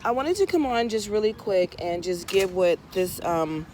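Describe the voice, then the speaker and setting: A woman's voice: medium pitch, lively intonation, normal speed, mellow, slight background noise. A woman tarot reader telling a casual story outdoors in her garden, chatty with frequent asides. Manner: chatty, drawling, many asides and "right?".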